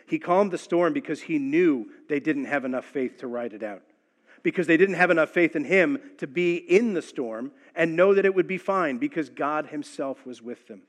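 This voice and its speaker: Conversational male Bible teacher, slightly high. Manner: conversational and reflective, asks rhetorical questions.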